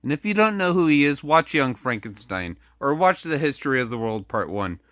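A man's voice: mid-range voice, big pitch swings, a little fast, a bit bright, dry recording, clean studio sound. A man vlogging in a rambling, casual way, full of crude jokes and asides.

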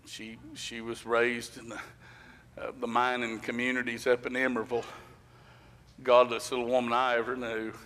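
A man's voice: mid-range voice, completely flat delivery, moderate pace, a bit bright, slight background noise. A middle-aged man, preaching a sermon as pastor in folksy storytelling fashion, rising to emphatic preaching. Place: church sanctuary. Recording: long church reverb.

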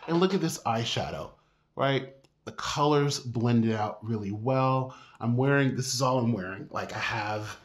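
A man chatting casually in a makeup review vlog, expressive and gushing with drawn-out exclamations. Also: fairly low pitch. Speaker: beauty vlogger. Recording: echoey room.

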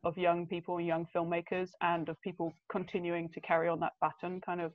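A young woman telling stories as a podcast guest. She talks in an animated, emotional way, with big jumps in pitch. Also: a little fast, no echo. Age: young adult. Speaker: guest, documentary filmmaker. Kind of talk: conversational podcast storytelling. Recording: dull lo-fi sound.

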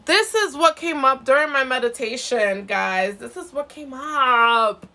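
A woman giving a live zodiac card reading in a gentle, reassuring way, repeating herself and often checking in with "okay?". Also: sits high, expressive, a little slow. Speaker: intuitive card reader.

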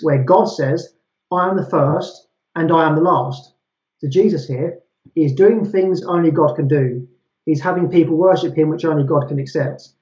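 Man, somewhat high voice, methodical debater, verse-by-verse citations, roomy echo. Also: a little mellow. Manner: methodical, citing scripture verse by verse. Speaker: Christian debater. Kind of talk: street debate argument. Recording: echoey, dull lo-fi sound.

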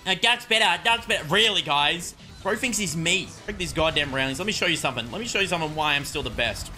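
A young man giving excitable live commentary while playing a game, swinging between muttered frustration and loud yelps. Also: fairly high pitch, fast, faint music behind. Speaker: gaming streamer.

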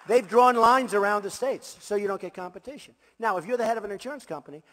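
This candidate's voice is high and fairly bright, and he talks fast with hardly any pauses. He's giving an emphatic rally speech to a crowd in a large venue, circling back to his points and bragging in asides. The sound rings with a big hall's long reverb.

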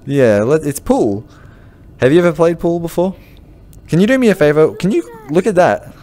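Lively, joking Australian man gaming. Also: on the high side, normal speed. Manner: joking, teasing, laughs often. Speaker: gaming video host. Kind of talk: casual game banter.

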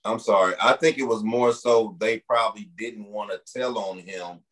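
A man's voice: lowish voice, moderate pace. A man, a parent in his thirties, chatting in a laid-back, conversational way. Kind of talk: casual chat.

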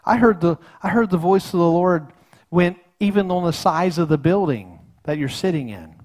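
A man's voice: sits high, animated, normal speed, darkish tone. A middle-aged man preaching a sermon in his church in an earnest, folksy way, often repeating and restarting his words. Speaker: pastor. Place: church sanctuary.

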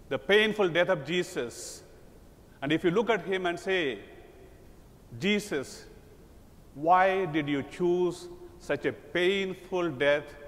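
A man preaching a sermon as a priest, slow and emphatic, voicing quoted lines with dramatic lift. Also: high-pitched. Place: large church. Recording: long church reverb.

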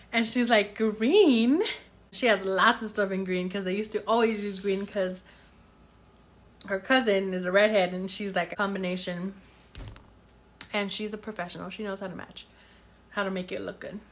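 A woman's voice: medium pitch, level tone, normal speed, long pauses, a bit bright. A young woman chatting casually as she recaps a novel for her book club, gushing and acting out characters' lines.

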